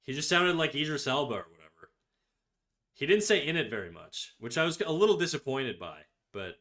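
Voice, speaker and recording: Man, casual streamer banter, bright ringing tone, teasing and rambly. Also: a little high, big pitch swings, fairly quick. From Canada. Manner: teasing, rambling, heavy use of "like". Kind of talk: casual livestream chat. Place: home streaming setup.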